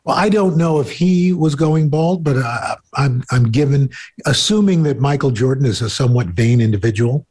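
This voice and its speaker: A man's voice: mid-range voice, moderate pace, darkish tone. A man co-hosting a casual chat show from home into a desktop microphone, rambling with fillers and restarts. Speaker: co-host. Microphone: desktop USB microphone.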